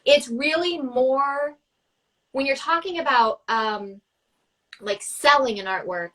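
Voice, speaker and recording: A woman artist and coach chatting on a video call, telling lively stories and acting out the people in them. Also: high-pitched, takes it slowly, rough recording. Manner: animated storyteller, acts out quotes. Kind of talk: casual conversation.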